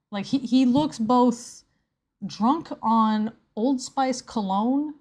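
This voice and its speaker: A woman's voice: mid-range voice, a little mellow. A woman hosting a live reaction video, commenting on a comic with sarcastic, incredulous, rambling asides. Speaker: YouTube host.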